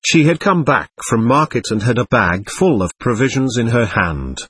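A male audiobook narrator reads in a measured, expressive way, his pitch moving widely across each sentence. His voice is husky, and the recording is dry and close to the mic. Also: no room sound. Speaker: audiobook reader.

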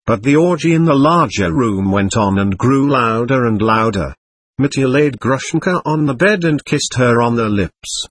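A man with a medium-pitched voice reads a classic novel as an audiobook, measured and expressive. There is no room sound in the recording.

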